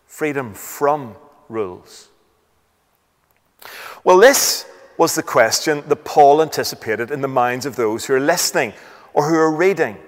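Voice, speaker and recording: A man's voice: medium pitch, big-room sound. A man preaching a sermon, asking rhetorical questions, reading scripture aloud and stressing points emphatically.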